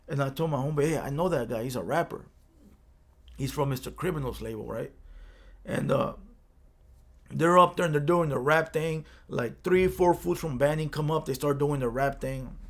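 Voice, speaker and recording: A man from Los County, telling a street story in a casual, profane way and often checking in with "right?". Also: fairly high pitch. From Los Angeles County.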